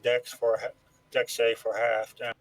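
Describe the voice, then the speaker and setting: A man playing a tabletop game, calmly calling out his character's actions. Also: mid-range voice, unhurried, dry recording. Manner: matter-of-fact, calls out game actions. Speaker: player. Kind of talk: casual play over voice chat.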